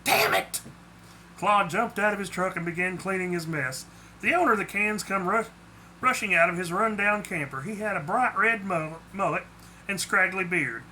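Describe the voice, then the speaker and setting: Guy reading his own story aloud, plain delivery, kinda high voice, small slips. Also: normal speed, pushed and bright, slight background noise, poor audio. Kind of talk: storybook narration.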